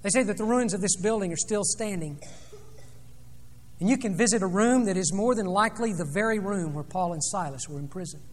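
A man preaching a sermon, retelling a scripture story dramatically, rising loud and dropping soft. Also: sits high, brisk. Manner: dramatic storytelling with sweeping swings in loudness. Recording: long reverb of a large hall.

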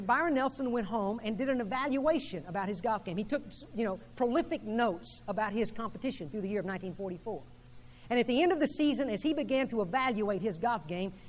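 A man's voice: sits high, in a large hall, rough recording. Male pastor preaching in a church. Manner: preaching with rising emphasis on questions. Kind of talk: sermon. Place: church sanctuary.

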